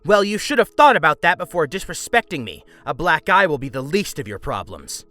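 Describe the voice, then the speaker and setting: A furious entitled woman customer screams and bullies down a phone line, as a male narrator puts her on. She talks over everyone in a raised, swooping, loud voice, with faint music behind. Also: a little high, very animated, brisk, pitched above the performer's own voice. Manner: screaming, bullying, interrupting.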